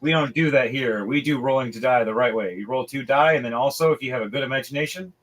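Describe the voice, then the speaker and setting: A man narrating as dungeon master of a tabletop game, animated, rambling and profane. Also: medium pitch, quick pace.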